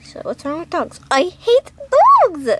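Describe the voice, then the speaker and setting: A woman's voice: high voice, sing-song, a little slow, background noise. Playful woman voicing a whole doll cast. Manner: switches between playful character voices. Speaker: doll video maker voicing all characters. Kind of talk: playful doll-show acting.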